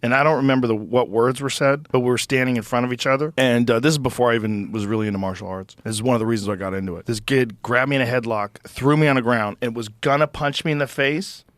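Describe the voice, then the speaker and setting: A man's voice: mid-range voice, fast talker, hardly any pauses, dry recording. Man telling a story in casual chat. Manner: animated storytelling, laughs often. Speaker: podcast host.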